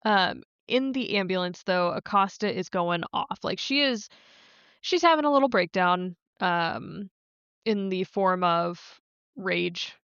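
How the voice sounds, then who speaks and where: A woman's voice: fairly low pitch, lively intonation, takes it slowly, a bit bright, clean tone, no room sound, muffled recording. A woman co-hosting a podcast, chatting casually about a TV episode, full of "like" fillers and casual swearing. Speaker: podcast co-host. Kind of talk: casual recap chat.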